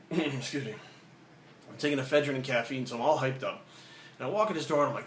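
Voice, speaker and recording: A man's voice: mid-range voice, fast. A man hosting his own video channel, telling a story in casual, profane speech and acting out the dialogue. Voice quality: profane, animated, acts out the dialogue. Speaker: vlogger. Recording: roomy echo, faint ambient noise.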